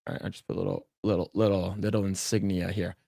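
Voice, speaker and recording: With a deep, warm, creaky voice and flat, quick delivery, this man co-hosts a podcast while drawing on stream. He chats casually, rambles, repeats himself and swears freely when annoyed; the clean studio sound has no echo.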